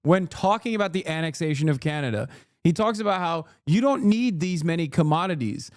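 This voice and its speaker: A man's voice: on the high side, expressive, no echo. A streamer rants sarcastically over a clip he is reacting to, his voice sitting a bit above most men. The sound is dry and close, with no room around it. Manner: sarcastic, rapid ranting. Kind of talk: livestream reaction commentary.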